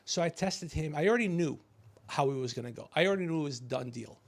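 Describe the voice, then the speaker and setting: Middle-aged man, high-pitched, podcast host, profane, rambling storyteller. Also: lively intonation, quick pace. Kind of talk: casual comedy chat.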